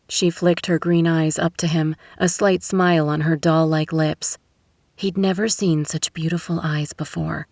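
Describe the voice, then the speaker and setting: A woman narrating a romance novel audiobook in a steady, measured storytelling voice. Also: deep voice, no echo. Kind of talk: scripted narration. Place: recording booth. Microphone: studio microphone.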